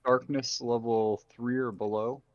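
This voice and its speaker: A man's voice: medium pitch, fairly even intonation, a little slow, no echo, narrow, tinny audio. A man playing in a tabletop game, casual and blunt, sometimes swearing. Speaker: player.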